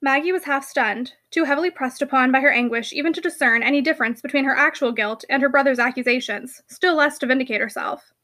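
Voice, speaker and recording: A woman narrating a classic novel as an audiobook, with a steady, expressive reading. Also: high-pitched, fast. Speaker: audiobook reader.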